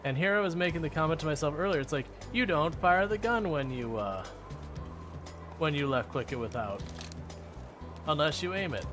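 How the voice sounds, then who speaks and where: A man giving casual, excitable commentary on his own gameplay, reacting aloud and laughing often. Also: fairly high pitch, moderate pace, long pauses, over music. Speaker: gaming channel host.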